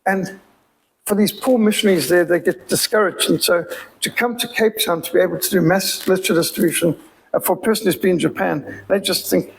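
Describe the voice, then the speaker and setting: A man's voice: sits high, a little fast, creaky, slight background noise, low-quality recording. A man with a Rhodesian accent giving an emphatic, preacherly sermon-style appeal as a missionary speaker. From Zimbabwe.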